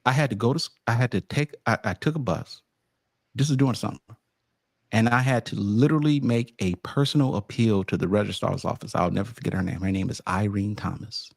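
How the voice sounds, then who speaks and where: A man from California telling a story in casual podcast chat, animated and emphatic, insisting he is not making it up. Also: fairly low pitch, fairly quick, creaky, no echo, clean studio sound. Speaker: sports podcast roundtable co-host.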